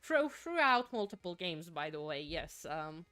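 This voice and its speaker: A woman's voice: on the low side, very animated, unhurried, bright, forceful tone, no echo. A young woman from Finland with a mixed accent, chatting casually as a streamer while gaming and reading chat aloud, giggly and rambling with frequent restarts. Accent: mixed, not a typical Finnish one. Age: young adult.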